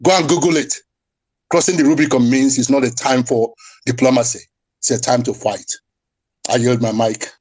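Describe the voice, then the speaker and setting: A man giving an impassioned speech in an online audio room, fiery and rising to shouts, mocking his critics in put-on voices. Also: medium pitch, fairly even intonation, normal speed. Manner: mocks others in quoted voices.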